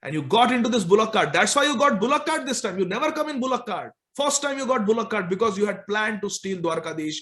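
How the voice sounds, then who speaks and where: A man's voice: high-pitched, big pitch swings, unhurried, pauses often, full character voice. A man voicing a group of male temple priests who accuse, panic and beg forgiveness in a retold story. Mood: accusing. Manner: frantic, accusing, then pleading.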